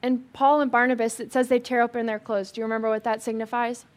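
A woman with a somewhat high voice gives a casual Bible teaching to a group in front of her, speaking quickly. She's chatty and animated, saying "like" a lot and tossing in humorous asides while explaining the passage.

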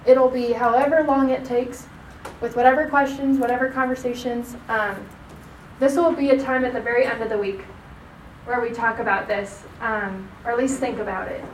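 A woman's voice: on the high side, steady tone, moderate pace, a little hiss or hum. Chatty woman teaching an echoey class. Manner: chatty, lots of "like" and "right?". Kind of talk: casual Bible class teaching. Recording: echoey room recorded from a distance.

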